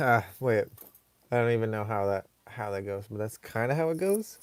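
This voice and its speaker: A man's voice: fairly low pitch, expressive, moderate pace, clean tone, dry recording. A man hosting a casual live stream, rambling in a laid-back way and reading viewer comments aloud.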